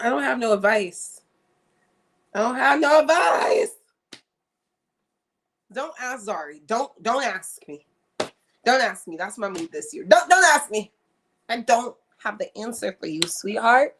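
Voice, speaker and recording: A woman's voice: medium pitch, slight background noise. A young woman chatting frankly and animatedly to viewers on a livestream, often repeating herself for emphasis. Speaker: livestream host. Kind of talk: casual livestream chat. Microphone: streaming setup.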